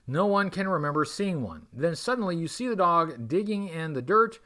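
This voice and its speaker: A man's voice: on the high side, animated, moderate pace, pushed and bright. A man hosting a livestream, reading an adventure gamebook aloud and breaking off for wry, rambling jokes. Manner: wry, rambling, self-interrupting. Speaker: livestream host.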